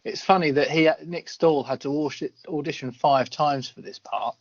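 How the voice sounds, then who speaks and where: A man's voice: on the high side, moderate pace, no room sound, lo-fi sound. Dry, wry male podcast co-host. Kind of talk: casual film review chat.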